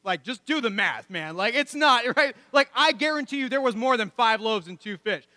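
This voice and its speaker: A man's voice: very high-pitched, expressive, moderate pace, pushed and bright, no room sound. A man preaching a sermon as pastor, conversational and emphatic, with many rhetorical questions. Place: church.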